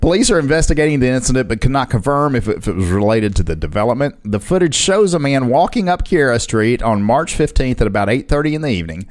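Male co-host, animated pitch, playful quips over news reads. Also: quick pace, few pauses. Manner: playful wisecracks, lively. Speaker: co-host reading news stories. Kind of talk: casual banter reading news.

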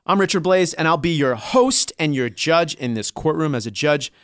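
A man's voice: on the high side, lively intonation, moderate pace, smooth, no room sound, studio quality. A middle-aged man from New York hosting a casual podcast, joking and self-deprecating, often tripping over his words. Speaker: podcast host and judge.

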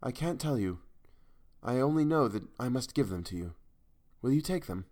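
A timid young woman of a ghost story speaks in a low, halting hush, put on by a man reading the tale. Her voice sits higher than the narrator's and carries a hopeless sadness throughout. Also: expressive, close to an everyday voice. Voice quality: low, hushed voice. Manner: timid and hesitant.

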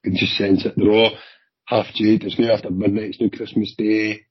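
A very husky, rough-edged Glaswegian man spins off-the-cuff stories from his years on the force. He talks in quick, animated bursts with the odd curse, close and dry on a dull, lo-fi recording. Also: lowish voice, no room sound. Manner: animated, swearing, hurried storyteller. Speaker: former police officer. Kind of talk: casual anecdotal storytelling. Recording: dull lo-fi sound.

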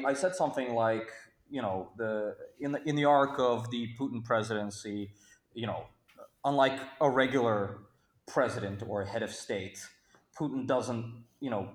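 Halting, emphatic commentator from Brooklyn. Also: male voice, medium pitch. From Brooklyn, New York. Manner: halting, many restarts, rising emphasis. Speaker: guest commentator. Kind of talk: discussion panel commentary.

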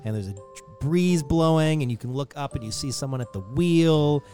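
Man, game master, lively animated delivery, faint music behind. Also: fairly high pitch, moderate pace. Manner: lively narration, slips into pirate voices. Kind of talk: narrating a tabletop game.

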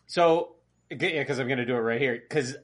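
A man's voice: medium pitch, fairly quick. A man co-hosting a podcast in casual chat, giggling and swearing offhandedly. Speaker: podcast co-host.

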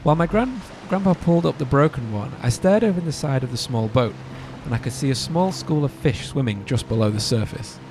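A man's voice: mid-range voice, a little fast, hardly any pauses, background noise. A man hosting a podcast, reading a spooky story aloud with joking asides. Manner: animated, joking asides between narration. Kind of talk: casual storytelling read-aloud.

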